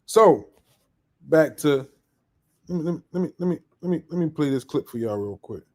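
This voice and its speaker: The voice is a man's, set slightly high, hosting a live podcast stream. He keeps it casual and upbeat, full of slang as he runs through shout-outs to viewers one by one. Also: expressive. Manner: upbeat, slangy, rapidly greeting viewers by name. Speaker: podcast host.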